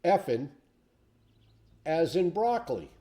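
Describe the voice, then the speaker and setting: A man telling a joke plays a male grocery clerk who lays things out slowly and step by step. The voice is a little high and close to his everyday talk. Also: sing-song, mellow, exaggerated voice. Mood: deliberate. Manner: deliberate, explaining step by step. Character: patient male grocery clerk, growing exasperated.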